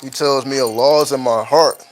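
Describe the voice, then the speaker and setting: A man's voice: mid-range voice, steady tone, normal speed, soft background music, poor audio. A man hosting a late-night talk show, musing openly as a father in a loose, profane monologue that keeps checking in with "right?". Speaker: podcast host.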